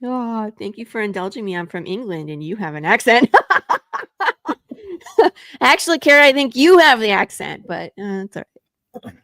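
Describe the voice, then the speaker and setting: A woman from Michigan hosting a casual talk show, chatty and quick to jump between topics. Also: mid-range voice, expressive, fairly bright tone, no room sound, clean studio sound. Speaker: podcast host. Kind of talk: casual chat.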